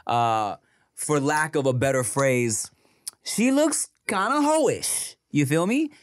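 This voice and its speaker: A man's voice: fairly high pitch, sing-song, slow pace, dry recording, clean studio sound. Laid-back slangy man in podcast chat. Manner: laid-back slangy talk, "you feel me" asides. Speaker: podcast co-host. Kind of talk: casual chat.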